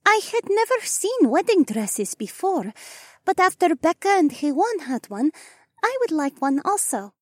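A man voicing a gentle female alien bride who speaks slowly and formally, with a sense of wonder. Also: extremely high pitch, big pitch swings, no echo, clean studio sound, pitched above the performer's own voice, heavily acted. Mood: sweet. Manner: slow, formal, childlike wonder.

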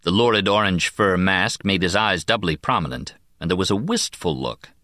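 A man reading a science fiction novel aloud as scripted narration, measured and slowing down for emphasis. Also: low voice, lively intonation, sharp tone, no echo, clean studio sound. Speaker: audiobook narrator.

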